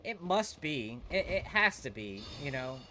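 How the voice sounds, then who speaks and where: A man's voice: fairly high pitch, sing-song, a little slow, bright, forceful tone, a little hiss or hum. A young man streaming a video game, chatting casually with his viewers in a rambling, profane way full of restarts. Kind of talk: casual live-stream chat while playing.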